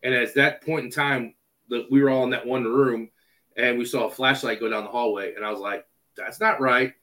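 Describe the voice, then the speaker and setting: Man, casual storytelling, animated, acts out dialogue, mid-pitched voice. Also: fairly quick, low-quality recording.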